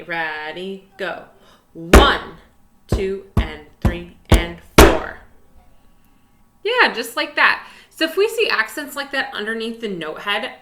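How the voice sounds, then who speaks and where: A woman's voice: lowish voice, background noise. A young woman teaching an online music lesson to children, chatty and encouraging, with lots of fillers, at her desk. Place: indoors at a desk.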